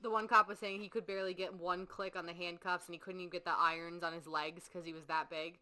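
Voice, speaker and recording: A woman's voice: on the low side, little pitch movement, fast talker, bright, forceful tone. A woman co-hosting a podcast in casual true-crime chat, talkative, swearing freely and acting out quotes. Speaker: podcast co-host.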